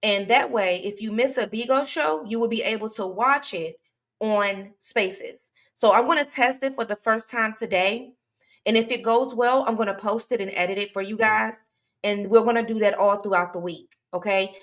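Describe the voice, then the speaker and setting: At a moderate pace and medium pitch, a woman hosts a casual true crime livestream, talking straight to viewers. She rambles chattily with many fillers and restarts while reading comments aloud.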